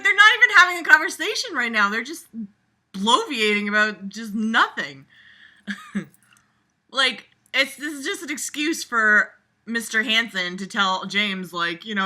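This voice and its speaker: A woman's voice: mid-range voice, lively intonation, measured pace, sharp tone. A woman mocking a story she reads aloud, sarcastic and exasperated, swearing and laughing as she comments. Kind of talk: comedic dramatic reading with commentary.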